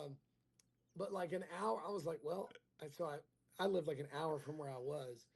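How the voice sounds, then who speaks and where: A man's voice: on the high side, brisk, vocal fry, a little mellow, slightly rough. A male comedian telling a rambling, crude, self-mocking story in casual chat, acting out the dialogue. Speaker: comedian guest.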